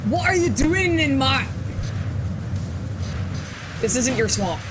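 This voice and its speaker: A woman's voice: high voice, animated, slow, music in the background, pitched above the performer's own voice. A woman voicing a grumpy male ogre with a put-on Scottish accent. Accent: Scottish, put on badly.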